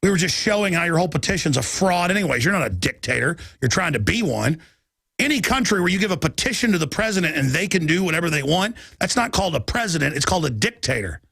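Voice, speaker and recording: A man's voice: fairly high pitch, sing-song, quick pace, gravelly, a bit bright, breathy edge, dry recording, clean studio sound. A middle-aged man hosting a radio show, ranting in a fiery political monologue and mocking his opponents in put-on voices.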